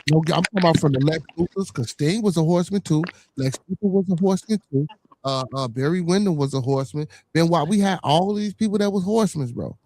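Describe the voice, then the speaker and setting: A man co-hosting a casual wrestling talk show, animated and repeating his points. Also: a little high, quick pace. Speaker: podcast co-host.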